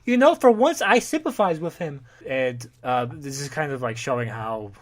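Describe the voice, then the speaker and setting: A man on a podcast casually retelling a comic book plot, acting out the characters' lines in lively voices. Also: medium pitch. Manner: animated retelling, acting out dialogue in quick voices. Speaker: podcast host.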